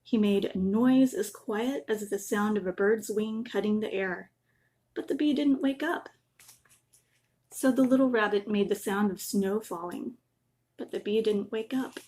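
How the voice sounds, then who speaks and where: Gentle woman reading a bedtime story. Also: medium pitch, measured pace. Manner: gentle, adds little asides to the listener.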